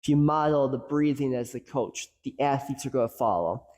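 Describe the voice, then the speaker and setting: A man's voice: mid-range voice, moderate pace, a little mellow. A man hosting a casual coaching lesson, joking and acting out little asides as he talks, with long hall reverb. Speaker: host and coaching educator. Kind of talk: casual educational talk.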